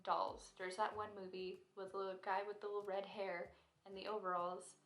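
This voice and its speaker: A woman's voice: medium pitch, level tone, normal speed, a bit bright. A young woman chatting expressively and playfully as she answers questions in a casual Q&A vlog. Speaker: vlogger. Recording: echoey room with faint music.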